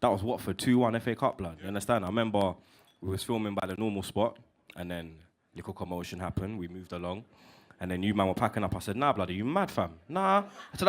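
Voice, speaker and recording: A man, chatting casually as a regular fan guest, full of slang and animated asides. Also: lowish voice, fast talker. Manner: heavy street slang, animated, laughing asides. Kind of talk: casual chat.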